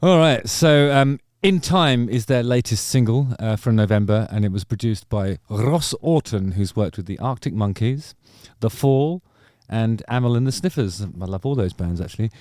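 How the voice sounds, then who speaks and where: A man's voice: medium pitch, lively intonation, normal speed, few pauses, a little mellow, dry recording, clean studio sound. A man hosting a music channel, reacting to songs in a rambling, hesitant casual commentary full of ums.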